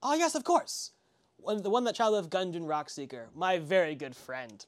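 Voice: medium pitch, big pitch swings, a little fast, close to an everyday voice. Brief: kindly fifty-ish shopkeeper man, polite and formal, voiced by the game master. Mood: courteous. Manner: formal, polite, old-fashioned phrasing. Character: kindly fifty-year-old male shopkeeper.

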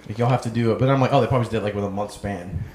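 A man's voice: lowish voice, very fast, darkish tone. A man co-hosting a casual comedy podcast, laughing often and acting out quoted voices. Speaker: podcast co-host.

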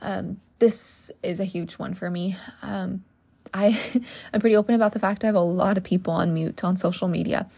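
Young adult woman, esthetician podcast host, gravelly fry, earnest and chatty, casual solo talk. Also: medium pitch, steady tone, moderate pace, mellow. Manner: chatty and earnest, many ums and likes.

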